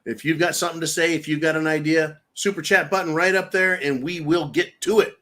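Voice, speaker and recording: Guy ranting on his livestream, kinda high voice, mocking and crude. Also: steady tone, a little fast, fairly bright tone. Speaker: livestream host. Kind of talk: political commentary livestream.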